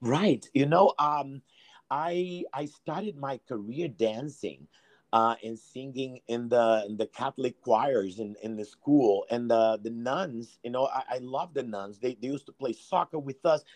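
A man from Brazil, a performer, chatting as a guest in a casual interview and telling his story with lively restarts. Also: mid-range voice, unhurried, dry recording.

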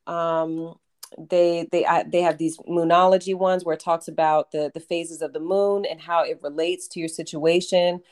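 A woman tarot reader talking about readings in a relaxed, rambling way, full of fillers and restarts. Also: fairly low pitch, normal speed. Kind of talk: casual podcast chat.

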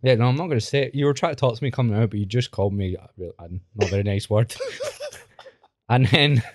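A man's voice: mid-range voice, fast, darkish tone, no echo, studio quality. A man hosting a podcast, chatting casually and telling blunt, self-mocking stories. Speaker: podcast host. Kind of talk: casual chat.

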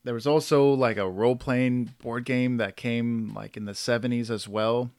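A man's voice: medium pitch, steady tone, normal speed, a little mellow, no room sound. A man hosting a casual podcast chat, who laughs often and stumbles over names. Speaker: podcast host.

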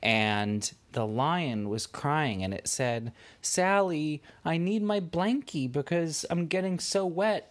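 A man telling a child an improvised bedtime story in a playful, gentle way. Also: medium pitch. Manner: slow, animated, playful voices.

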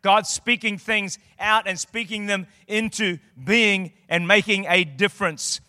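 A man preaching a sermon in a church, impassioned and building to shouted declarations. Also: sits high, steady tone, unhurried, clean tone, dry recording, studio quality, long reverb tail. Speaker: guest preacher. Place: church auditorium.

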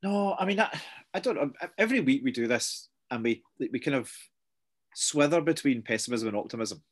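A man's voice: medium pitch, lively intonation, moderate pace. A British man co-hosting a casual political chat, rambling and jokey. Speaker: podcast co-host.

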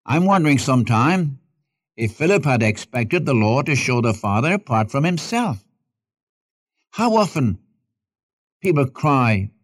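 A man delivers a sermon at a middle pitch. He is emphatic and repeats his key phrases. He reads scripture in old-fashioned wording and calls on listeners to follow along in their Bibles. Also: expressive, normal speed. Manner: addresses listeners directly, asking them to follow in their Bibles. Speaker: preacher.

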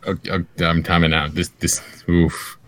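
A man's voice: sits low, level tone, moderate pace. A young man co-hosting a podcast in casual chat, stammering often, teasing the others, and swearing freely. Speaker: podcast co-host.

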